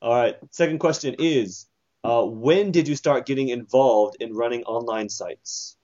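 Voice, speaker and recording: A man's voice: mid-range voice, measured pace, dark tone. A man hosting a podcast interview, upbeat and brief, laughing along. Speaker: podcast host. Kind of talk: casual interview. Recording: dull lo-fi podcast audio.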